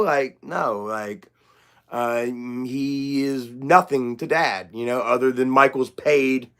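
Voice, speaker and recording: A man's voice: mid-range voice, a little slow, a bit bright. A young man hosting a casual livestream chat, rambling, loose and profane, with lots of fillers. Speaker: livestream host.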